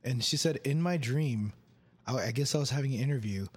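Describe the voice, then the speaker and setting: A man's voice: medium pitch, brisk, breathy edge. A young man co-hosting a podcast, telling stories in casual chat and laughing often. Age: young adult. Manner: animated storyteller, laughs often. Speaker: podcast co-host.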